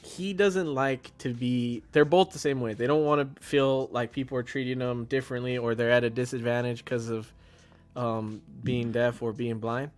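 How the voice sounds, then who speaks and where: A man chatting casually about a film, his voice sitting at an ordinary pitch. He retells scenes with relish, acting out the lines. Soft music plays faintly behind him. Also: fairly even intonation, normal speed. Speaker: podcast co-host. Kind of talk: casual movie review chat.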